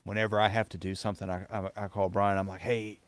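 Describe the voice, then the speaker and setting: Male actor, lower voice, faded Southern accent, relaxed storyteller. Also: quick pace. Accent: light Southern US. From Southern US, Tennessee. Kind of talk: casual chat.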